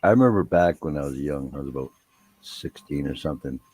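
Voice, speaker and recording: A man's voice: extremely low pitch, lively intonation, a little fast, a little mellow, breathy edge, dry recording. A man telling a rambling, profane story in a laid-back casual chat.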